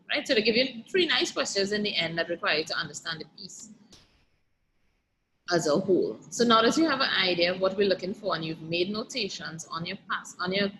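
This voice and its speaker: A woman's voice: mid-range voice, a bit bright, a little hiss or hum, rough recording. A woman teacher reviewing an exam paper and reading a play extract aloud, explaining as she goes and often checking in with "right?".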